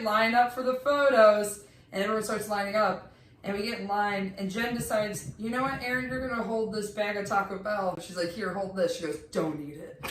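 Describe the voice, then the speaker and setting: A young woman recounts a mishap with lively, laughing energy and plays out the quotes herself. The sound is roomy and captured from some distance, with faint background noise. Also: medium pitch. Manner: animated, laughing, acts out quotes. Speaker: storyteller co-host. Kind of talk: casual storytelling chat.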